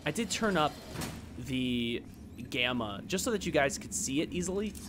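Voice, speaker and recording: A man's voice: a little high, very animated, moderate pace, noisy background. A man casually commenting on his gameplay, chatty and joking, often laughing. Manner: chatty, laughing, playful jokes. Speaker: let's play host.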